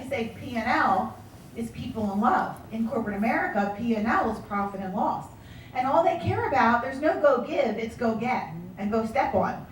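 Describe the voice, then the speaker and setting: A woman sales director telling her story in a motivational speech, animated and acting out the voices of people she quotes. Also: on the high side, a little hiss or hum. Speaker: sales director giving a talk. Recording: echoey room from far off.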